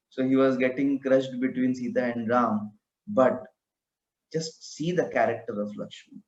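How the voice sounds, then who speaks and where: Man retelling scripture. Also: medium pitch. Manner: narrating, acts out dialogue. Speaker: preacher. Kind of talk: scripture storytelling talk. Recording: roomy, dull lo-fi recording.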